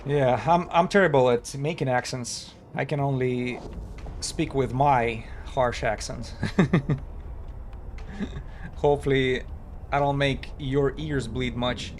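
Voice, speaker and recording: Male game streamer, casual halting chat, mid-pitched voice, faint hum in background. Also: steady tone. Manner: halting, with many fillers and restarts, chuckling. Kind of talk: casual live-stream commentary.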